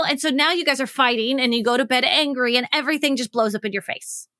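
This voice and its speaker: Brief: high-pitched woman relationship coach, frank and animated, acts out both sides, dry close sound. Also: quick pace, no echo. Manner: frank, swears casually. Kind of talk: solo podcast explainer.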